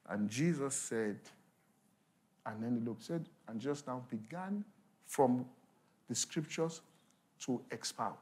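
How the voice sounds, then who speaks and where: A male pastor preaching a sermon at a conference, animated, acting out little scenes and asking the congregation questions. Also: mid-range voice, takes it slowly, pauses often. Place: conference hall.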